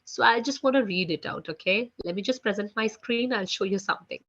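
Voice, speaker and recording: Bright-voiced woman teaching an online class. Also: medium pitch, fairly quick. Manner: chatty, repeats "you know" and "guys". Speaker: French language teacher. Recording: dull lo-fi online call audio.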